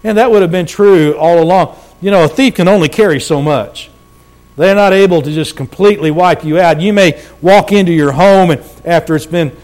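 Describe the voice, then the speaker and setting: A man preaching a sermon, slowing down for emphasis and dropping his voice low at the ends of phrases.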